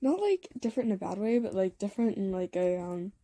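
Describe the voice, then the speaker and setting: A young woman narrating a fan-made story in a casual, rambling way, full of fillers and asides and quick giggles. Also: medium pitch, sing-song, mellow, no room sound. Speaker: fan audio story creator.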